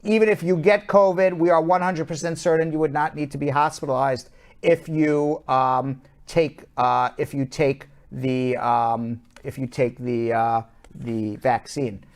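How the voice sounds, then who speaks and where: A man's voice: mid-range voice, steady tone, a little slow, clean tone. A man with a Long Island accent hosting a live show, running through the news in a chatty, loose way with fillers and restarts. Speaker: show host and attorney.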